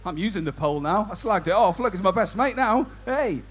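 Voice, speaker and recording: A man's voice: high-pitched, expressive, fairly quick. A man compering a stand-up comedy show, doing cheeky banter with the audience. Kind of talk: crowd work stand-up.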